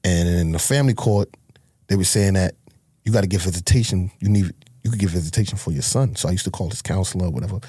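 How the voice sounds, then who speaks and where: A man's voice: deep voice, fast talker, mellow, slightly rough, dry recording, studio quality. A man, telling his life story as a guest in a blunt, profane, emotional way. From Harlem, New York. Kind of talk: candid life-story interview.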